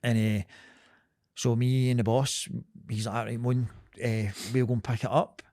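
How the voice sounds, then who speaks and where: A man's voice: medium pitch, unhurried, no echo, clean studio sound. A man in his thirties with a Scottish accent, co-hosting a podcast and telling a story in casual, sweary chat, laughing as he goes. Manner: lively, sweary, laughs through his stories. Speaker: podcast co-host.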